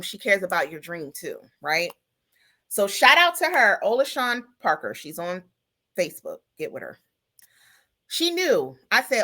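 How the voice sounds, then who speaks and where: A podcast host in her forties with a medium-pitched voice chats casually and tells a story in an animated way, with features. She calls out to her listeners as "y'all" and "girl."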